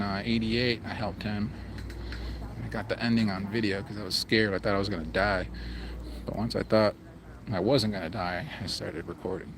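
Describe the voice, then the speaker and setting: A man's voice: on the low side, noisy background. A man doing a casual livestream outdoors, talking in a blunt, profane, rambling way. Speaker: livestream vlogger. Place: outdoors in a public area.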